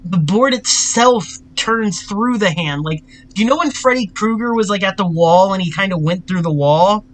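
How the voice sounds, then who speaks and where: A man's voice: high-pitched, normal speed, a bit bright, rough recording. A young man co-hosting a podcast, chatting casually, laughing often and swearing freely. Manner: laughs often, loose and profane. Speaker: podcast co-host. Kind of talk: casual chat.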